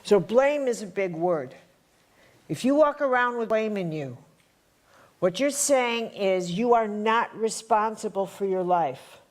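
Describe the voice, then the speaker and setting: A woman from the Chicago area holds forth at a live workshop in a blunt, streetwise way. She hammers her points home by saying them again and again, in a voice of ordinary pitch. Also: a little mellow. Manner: emphatic, repeats lines for punch, blunt and streetwise. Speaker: workshop teacher. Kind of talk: live spiritual workshop talk. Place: workshop hall with an audience.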